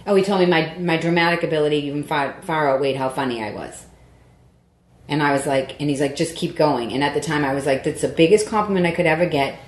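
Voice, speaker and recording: A woman comedian telling a story in casual podcast chat, animated and profane, acting out the voices she quotes. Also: deep voice, fast talker, reverberant.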